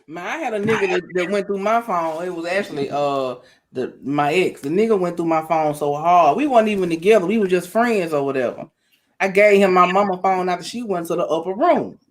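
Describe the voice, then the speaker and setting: A man in casual podcast chat, telling stories in a blunt, profane, animated way. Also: sits high, a little fast.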